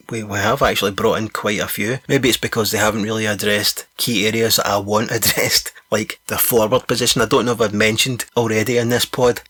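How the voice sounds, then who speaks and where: A man talks football on his own podcast in a loose, rambling way, often correcting himself mid-sentence and chuckling. His voice sits a little low, and the recording is dry and close with no room sound. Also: a bit bright, husky, no room sound. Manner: chatty, rambling, self-correcting with frequent laughs. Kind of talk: casual solo podcast chat.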